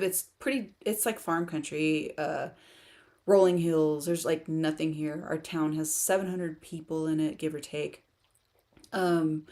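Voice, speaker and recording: A woman hosting a casual livestream for writers from her home in the country, chatting and laughing often as she reads viewer comments aloud. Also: on the low side.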